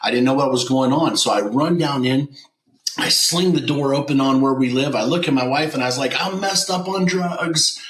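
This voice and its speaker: A man's voice: medium pitch, fairly quick, echoey room, rough recording. A man, a business owner telling an emotional personal testimony as an interview guest, acting out the dialogue he quotes. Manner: earnest storyteller who acts out quoted dialogue.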